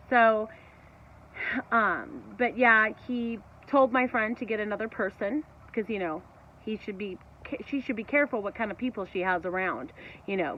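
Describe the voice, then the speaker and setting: A woman, angrily recounting a personal story in a casual vlog, indignant and fiery, talking in quick bursts. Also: fairly high pitch. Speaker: channel host. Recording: dull lo-fi audio.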